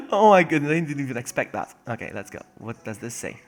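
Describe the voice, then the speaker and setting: A young man chats through a video game stream, joking, laughing and reading the on-screen text aloud. His mid-pitched voice swings up and down a lot, and faint music plays underneath. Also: big pitch swings, fast, hardly any pauses. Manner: chatty, jokey, laughs often, reads game text aloud. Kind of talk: casual let's-play commentary. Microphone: phone.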